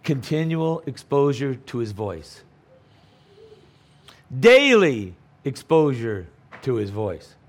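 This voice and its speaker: A man's voice: medium pitch, big pitch swings, slow pace, pauses often. A middle-aged male pastor preaching a sermon in an emphatic, conversational way, full of rhetorical questions.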